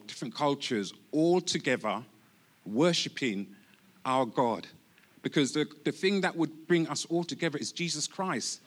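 Guy talking slow at church, testimony, lots of restarts and little laughs. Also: medium pitch. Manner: halting, many restarts, laughs easily. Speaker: church member giving testimony.

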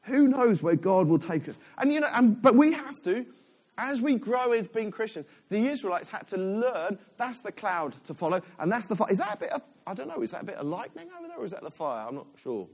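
A middle-aged man delivers a sermon in a lively, talkative way. His voice sits a bit high for a man and swings widely in pitch, and he often stops and restarts mid-thought. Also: a little fast. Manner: animated, chatty, self-interrupting with laughs. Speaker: preacher.

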